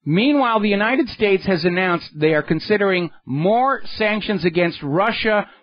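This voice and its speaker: In a slightly dull, dry radio studio, this host rails through a sarcastic, indignant political monologue at the mic. His high, expressive voice keeps a moderate pace, with no echo.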